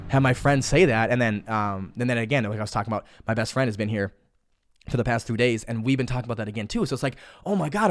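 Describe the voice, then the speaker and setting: A young man hosts a casual solo podcast, rambling with lots of swearing, repeated words, and restarts. His voice is medium-pitched, captured on a studio mic with clean sound and no echo.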